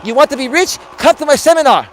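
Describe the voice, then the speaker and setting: A man putting on a flashy get-rich seminar pitchman with a loud sales come-on. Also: animated, quick pace. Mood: boastful.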